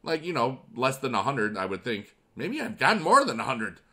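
A young man from upstate New York hosting a casual gaming video, chatting while reading fan mail and bursting into excited cheers. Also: medium pitch, normal speed. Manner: excitable, swings into loud shouting cheers. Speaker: YouTube gaming channel host.

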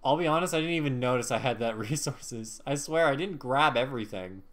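A man's voice: medium pitch, animated, fairly quick, fairly bright tone. A man in casual gaming banter with a friend, joking and defensive, laughing often. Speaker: gamer co-streaming.

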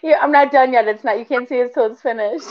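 A woman's voice: sits high, fast, a crowd in the background. A woman co-hosting a casual chat who teases playfully and laughs often. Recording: dull lo-fi recording.

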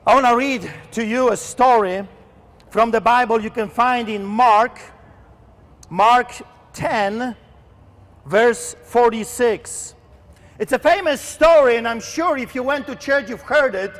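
High, fervent shouting street preacher man. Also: slow pace, pauses often, in a large hall. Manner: fervent, declamatory, often shouting. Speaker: street pastor. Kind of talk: open-air street sermon. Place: outdoors in the wind.

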